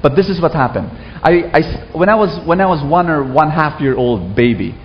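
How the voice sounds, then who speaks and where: This Filipino man's fairly high voice has lively intonation as he delivers a sermon at normal speed, telling stories and prompting the congregation to repeat after him. The church hall sounds dull and echoey, and a little hiss or hum is present.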